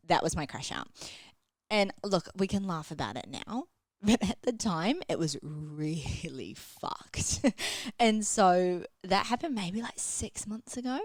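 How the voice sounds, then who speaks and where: A woman's voice: fairly low pitch, expressive, unhurried, no room sound. Frank, swearing woman in her twenties. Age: 20s. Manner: frank, swears freely, casual and chatty. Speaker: podcast host and women's coach. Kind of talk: candid solo podcast chat. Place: at home, sitting on the floor against a wall.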